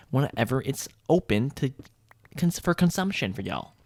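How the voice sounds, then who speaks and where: A man's voice: mid-range voice, sing-song, normal speed, darkish tone, dry recording. A young man telling a casual gaming story in a rambling, joking way, full of filler words. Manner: laid-back and joking. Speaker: gaming vlogger.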